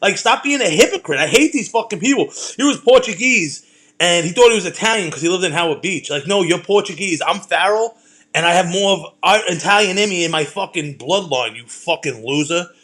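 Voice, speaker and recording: A middle-aged man tells heated stories in a profane, rambling monologue. His voice sits fairly high for a man. He talks casually, as the host of his own show. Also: expressive, brisk, fairly bright tone. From Brooklyn, New York. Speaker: podcast host.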